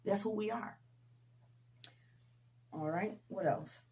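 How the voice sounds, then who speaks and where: A woman's voice: medium pitch, slow pace, gravelly, a little mellow. A woman giving a casual motivational talk to her viewers, speaking directly to them and repeating key sayings for emphasis. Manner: conversational, addresses viewers directly, frequent "you know". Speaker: motivational vlogger.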